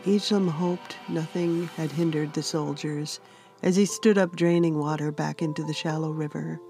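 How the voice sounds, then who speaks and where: A woman author narrating her own fantasy storybook in a gentle, unhurried reading. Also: low-pitched, fairly even intonation, faint music behind.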